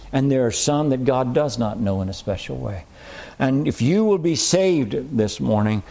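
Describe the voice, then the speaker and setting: Preacher, male, mellow tone, emphatic sermon delivery, slows for scripture. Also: medium pitch. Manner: emphatic, repeats key phrases, slows on scripture.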